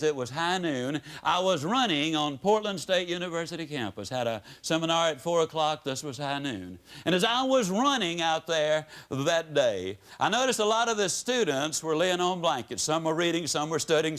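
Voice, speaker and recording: Male motivational speaker, somewhat high voice, folksy storyteller with big swoops in pitch, addressing a live crowd. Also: a bit bright. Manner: folksy storytelling with sweeping rises and drops in pitch. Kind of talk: motivational speech to a live audience. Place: stage before an audience.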